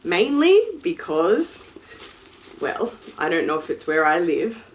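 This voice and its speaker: A woman's voice: lowish voice, very animated, slow pace, a little hiss or hum. Frank, chatty woman vlogger. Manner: frank, chatty, sassy asides. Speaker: luxury fashion vlogger. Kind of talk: casual unboxing chat to camera.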